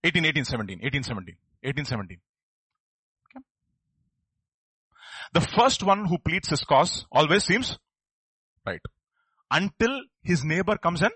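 A man's voice: fairly high pitch, big pitch swings, normal speed, pauses often, bright, forceful tone, breathy edge, no room sound. A man preaching a sermon, asking his listeners rhetorical questions. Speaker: pastor.

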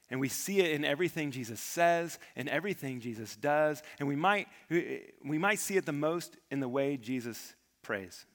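A man preaching a sermon with earnest emphasis, rising to stress points and letting his phrases fall away quietly. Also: on the high side, normal speed, hardly any pauses, big-room sound. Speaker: pastor.

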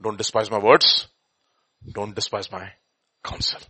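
A man preaching a sermon, quoting scripture and hymns, swinging between loud emphatic bursts and quiet murmurs. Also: fairly low pitch, little pitch movement, unhurried, breathy edge, no echo. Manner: quotes scripture and hymn lines, chuckles between points.

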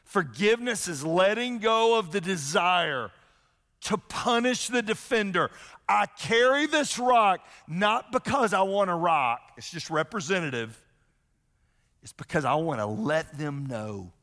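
A man preaching a sermon as a pastor, conversational and animated, often acting out the voices of the people he quotes. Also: fairly high pitch. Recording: long hall reverb.

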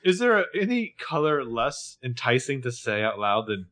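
Man with a lively, expressive voice. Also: mid-range voice, moderate pace. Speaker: podcast co-host. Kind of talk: casual chat.

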